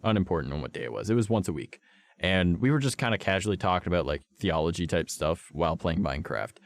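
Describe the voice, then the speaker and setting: A man's voice: low voice, lively intonation, quick pace. A young adult man streaming, telling a story in casual chat, blunt and profane.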